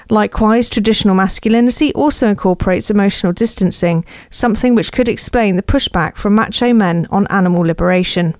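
A woman reads her prepared commentary at an even, measured pace. The sound is dry and close, with no room behind her. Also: mid-range voice, no echo. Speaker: podcast host. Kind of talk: scripted commentary.

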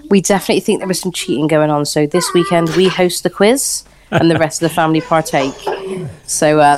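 A woman's voice: low-pitched, noisy background. A young woman with a Bristol accent, chatting in a rambling, friendly way as an interview guest over a remote call. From Bristol, England. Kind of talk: casual remote interview chat.

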